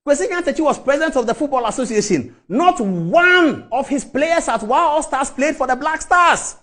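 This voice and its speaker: Fiery, high-pitched Ghanaian man. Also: lively intonation, moderate pace, fairly bright tone. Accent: Ghanaian English. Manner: emphatic, scornful, repeats key words. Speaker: TV commentator. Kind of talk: impassioned commentary.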